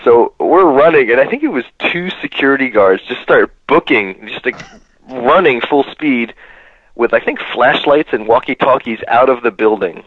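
A man's voice: mid-range voice, lively intonation, normal speed, slightly rough, dry recording, phone-quality sound. A man guest on a podcast telling a story casually, laughing often and leaning on fillers.

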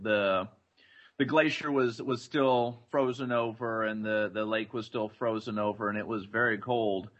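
A man's voice: mid-range voice, measured pace, fairly bright tone, dull audio, soft background music. A man speaking as a podcast guest, rambling through his answers in a casual roundtable chat. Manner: rambling, lots of fillers and restarts. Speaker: guest collector and curator.

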